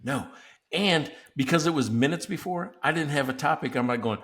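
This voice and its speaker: Laughing, animated male podcast host. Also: on the high side, moderate pace. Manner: animated storyteller, laughs often. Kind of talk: casual chat.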